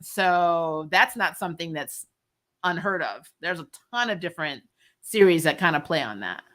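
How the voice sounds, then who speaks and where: Woman host, bright and forceful tone, chatty live-stream banter with viewers, laughs a lot. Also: on the low side, expressive. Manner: chatty, laughs often, quick asides. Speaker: YouTube host discussing a TV series. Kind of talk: casual live-stream chat, reading viewer comments.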